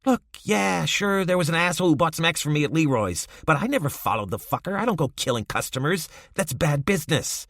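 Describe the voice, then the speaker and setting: A man's voice: a little high, lively intonation, brisk, few pauses, a bit bright, no echo, clean studio sound, voice pushed up. A man doing a crude, volatile young drug dealer. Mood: scornful. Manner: profane, aggressive outbursts. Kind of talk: audiobook character voice.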